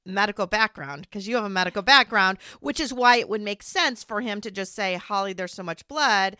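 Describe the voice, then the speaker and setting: A woman hosting a podcast interview, speaking in a gentle, supportive way. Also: medium pitch, a little fast, dry recording, studio quality. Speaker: podcast host.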